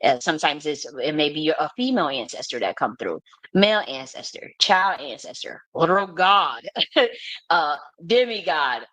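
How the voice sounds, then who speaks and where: A woman's voice: sits low, moderate pace, dry recording. A woman, a spiritual reader and teacher, telling a personal story in a casual, rambling monologue, with frequent laughter and free swearing. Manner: animated, rambling, laughs often, swears freely.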